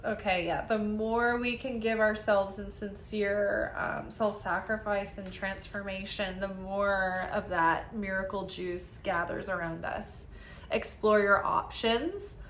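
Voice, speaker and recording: A woman's voice: medium pitch, sharp tone, slight background noise. A young woman giving a casual tarot reading, tired and rambling, peppering her talk with "like". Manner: rambling, filler-heavy with frequent "like". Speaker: tarot reader. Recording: roomy echo.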